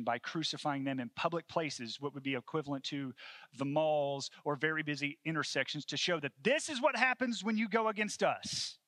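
A man in his thirties preaching a sermon, earnest, moving between hushed storytelling and fervent calls. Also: medium pitch, dry recording. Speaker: pastor.

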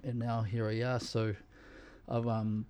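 A man's voice: on the low side, monotone, a little slow, mellow, a little hiss or hum. A New man co-hosting a podcast, telling stories in a rambling, casual way with lots of fillers and laughs. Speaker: podcast co-host. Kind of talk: casual chat.

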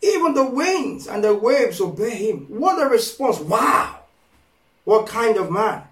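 A man preaching a sermon, slow and emphatic, repeating phrases and rising to impassioned pleas. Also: very high voice, sing-song, a bit bright. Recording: echoey room from far off.

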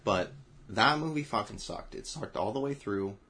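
A man's voice: on the low side, lively intonation, moderate pace, vocal fry, over a noisy crowd. A man hosting a podcast, ranting bluntly and swearing in casual chat. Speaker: podcast host.

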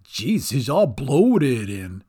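A man voicing a little brash male goblin who talks loudly and wisecracks, in an audio story. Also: mid-range voice, sing-song, extremely slow, slightly rough, full character voice. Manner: loud, wisecracking.

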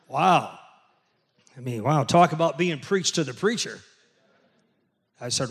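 An older man, a pastor, preaching a sermon in an emphatic way that builds to loud peaks. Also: a little high, animated, measured pace, pauses often.

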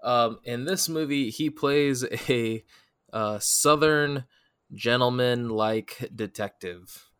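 A man co-hosting a casual movie review podcast, talking in a relaxed, halting way with many fillers. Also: medium pitch, smooth, dry recording, studio quality. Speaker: podcast co-host.

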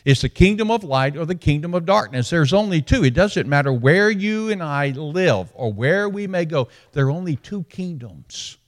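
A man with a Southern US accent preaching a sermon as a pastor, repeating phrases for emphasis and swinging between hushed and raised delivery. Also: on the high side, lively intonation, normal speed, few pauses.

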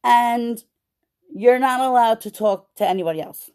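A woman podcast host venting about her job in a casual, profane, animated way, with many "like"s. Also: fairly high pitch, moderate pace, clear, resonant tone. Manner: profane, animated storytelling with lots of "like".

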